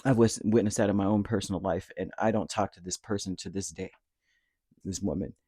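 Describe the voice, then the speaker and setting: A man's voice: sits low, steady tone, fairly quick, warm tone, slightly rough, no room sound, clean studio sound. A man giving a casual, rambling tarot reading, talking conversationally with lots of fillers and asides. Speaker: tarot reader.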